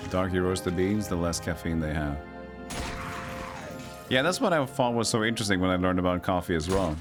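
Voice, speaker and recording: Low-voiced streamer chatting. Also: male voice, expressive, fairly quick. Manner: chatty, rambling, reading chat aloud. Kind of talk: casual chat while playing a video game. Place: home streaming setup. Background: game music.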